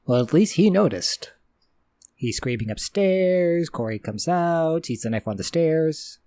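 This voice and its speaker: A host talking over a horror movie, calling out each scene and dropping sarcastic jabs. The pitch jumps around a lot, and the sound is close and dry with no room echo. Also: lively intonation, measured pace, warm tone. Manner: narrates the scenes on screen with sarcastic asides. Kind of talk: casual movie reaction commentary.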